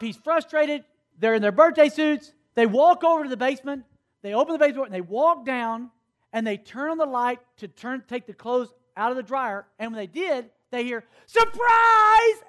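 Preaching at a moderate pace, a youth pastor speaks in a very high-pitched male voice. His sermon is built on storytelling, with characters acted out and responses called for from the group.

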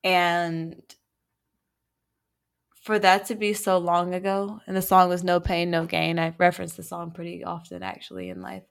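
A woman co-hosting a podcast in casual chat, measured and reflective, drawing out her phrases. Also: lowish voice, creaky, clear, resonant tone. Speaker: podcast co-host.

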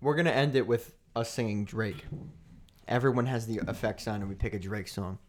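A man's voice: lowish voice, brisk, slight background noise. A man co-hosting a podcast in casual chat, telling a rambling, joking story. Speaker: podcast co-host.

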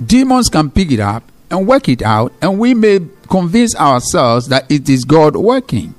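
A man preaching a sermon as pastor. He repeats key phrases for emphasis and slows down when he reads scripture. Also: a little high, sing-song, faint music behind.

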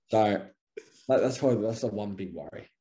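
A man's voice: fairly low pitch, very animated, moderate pace, heavy background noise. A young man with an Australian accent, co-hosting a podcast in casual chat and rambling through his stories with lots of restarts. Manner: rambling, full of fillers and restarts. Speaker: podcast co-host.

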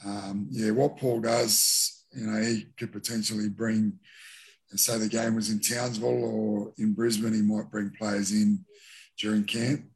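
A middle-aged Australian man, a former rugby league captain, speaking as a guest in a casual interview, relaxed and full of fillers and restarts. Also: lowish voice, unhurried.

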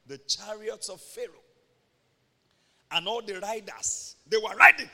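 High bright Nigerian preacher. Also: male voice, a little slow, long pauses, long reverb tail. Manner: animated preaching, shifts between soft talk and shouts. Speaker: pastor. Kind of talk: sermon. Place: church.

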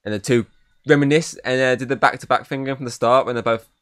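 A man's voice: medium pitch, steady tone, fast talker, fairly bright tone, no echo, studio quality. A man co-hosting a film podcast, recapping scenes casually with lots of swearing and fillers. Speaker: podcast co-host. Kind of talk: casual film review chat. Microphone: podcast mic.

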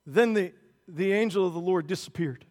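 A man's voice: high-pitched, normal speed, darkish tone. A man, a pastor, preaching a sermon in an earnest, conversational way that rises into emphatic stretches.

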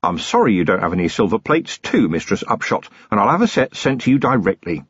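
A man's voice: lowish voice, sing-song, a little fast, husky, no room sound. A man reading a novel aloud, voicing a seasoned city police commander who talks dry, plain and wry. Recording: dull lo-fi audiobook recording.

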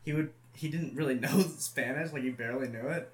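A man's voice: medium pitch, a little fast, over a noisy crowd. A man hosting a podcast, telling stories in a rambling, laughing way. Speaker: podcast host. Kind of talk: casual chat.

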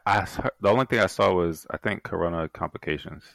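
A man's voice: low voice, fast talker, vocal fry, fairly bright tone, dry recording. A man co-hosting a podcast in casual chat, with laid-back slangy banter. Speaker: podcast co-host.

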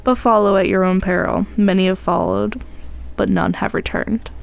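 A woman co-hosting a casual podcast, dropping quick side comments. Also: medium pitch, steady tone, creaky. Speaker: podcast co-host.

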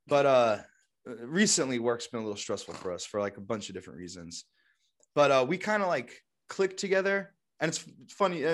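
A young man co-hosting a podcast in casual chat, rambling and full of fillers like "like" and "you know". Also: medium pitch. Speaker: podcast co-host.

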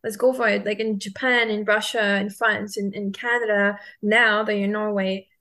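A woman co-hosting a podcast, asking relaxed, rambling questions with plenty of fillers. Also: mid-range voice, moderate pace. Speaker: podcast co-host. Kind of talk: casual interview chat.

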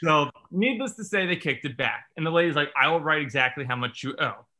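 Bright-voiced man telling a funny story. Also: fairly high pitch, fairly quick. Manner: animated, self-mocking storyteller acting out quotes. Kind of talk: casual storytelling chat.

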